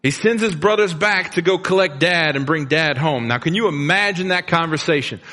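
A middle-aged male pastor preaching in a loose, everyday way, as if chatting with the congregation. His voice sits a little higher than most men's. It carries a long reverb, as in a big sanctuary. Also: normal speed, sharp tone. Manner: casual, conversational storytelling with plain slang. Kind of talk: sermon. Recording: long reverb of a large room.

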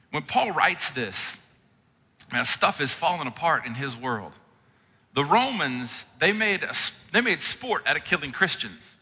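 A man delivers a sermon in a conversational, heartfelt way, slipping into casual asides between scripture readings. His voice is very bright, and it rings with the long reverb of a hall. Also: a little high, sing-song, a little slow, breathy edge. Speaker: pastor.

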